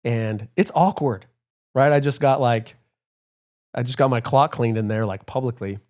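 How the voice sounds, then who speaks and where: A middle-aged man, a retired military officer, telling stories in a casual interview, full of fillers and quick acted-out quotes. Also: mid-range voice. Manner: animated storyteller, many fillers, acts out quotes. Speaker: retired Air Force colonel, podcast guest.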